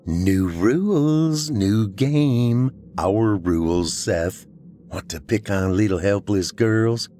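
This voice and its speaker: Man playing a young witch, vengeful, cooing to growling, deep-set voice, faint music bed. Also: slow pace, dark tone. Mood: commanding. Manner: cooing then commanding, growling.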